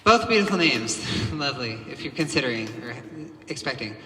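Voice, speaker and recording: A man's voice: mid-range voice, big pitch swings, a little fast, pushed and bright. A man hosting a comedy show, giving rambling, jokey introductions between acts. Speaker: show host. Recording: reverberant live room, faint ambience.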